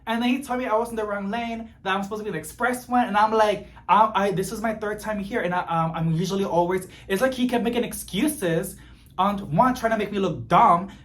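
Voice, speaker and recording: A man telling a story in casual chat, expressive and growing exasperated as he vents. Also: high-pitched, brisk. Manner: expressive, gets animated and exasperated while venting. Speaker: plant vlogger.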